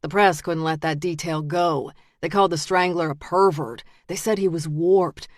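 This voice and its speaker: A woman reading the lines of a calm, menacing male detective who turns out to be a killer, in a quiet, flat voice. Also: on the low side, moderate pace, no echo, clean studio sound, lightly acted. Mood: cold menace.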